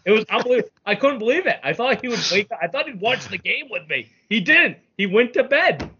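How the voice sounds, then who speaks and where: A man's voice: sits high, big pitch swings, quick pace, background noise. A man co-hosting a podcast, boastfully insisting in sports banter. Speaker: podcast co-host. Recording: lo-fi podcast recording.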